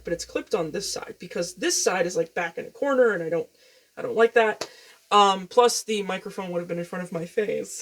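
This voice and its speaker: A young woman vlogging casually at home into a gaming headset mic, rambling, self-deprecating and swearing freely. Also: mid-range voice. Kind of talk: casual chat. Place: room at home. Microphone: video game headset mic.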